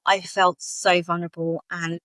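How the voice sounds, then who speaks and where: A woman, a podcast guest, recounting a personal experience in a halting, emotional way, often repeating her phrases. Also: flat delivery, a bit bright, no room sound, poor audio. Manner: halting, repeats phrases, rises in pitch when retelling upsetting moments.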